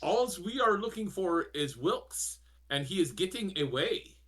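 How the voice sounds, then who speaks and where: A man's voice: high voice, very animated, measured pace, fairly bright tone, voice pushed up, full character voice. A man voicing a captured man who answers in stiff, formal phrasing without contractions. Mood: guarded.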